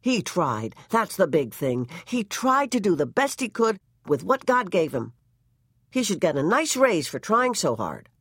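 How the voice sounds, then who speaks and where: A reader voicing a simple, kindly middle-aged housewife who drawls slowly and sounds unsure, with lots of pitch movement. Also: sing-song, a bit bright, husky, no room sound, clean studio sound, exaggerated voice. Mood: uncertain. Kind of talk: story reading.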